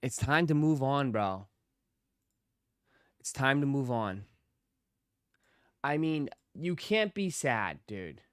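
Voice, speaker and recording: A man's voice: medium pitch, sing-song, takes it slowly, pauses often, clear, resonant tone, no room sound, studio quality. A man hosting a casual livestream, talking straight to his chat viewers and repeating phrases for emphasis. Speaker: livestream host.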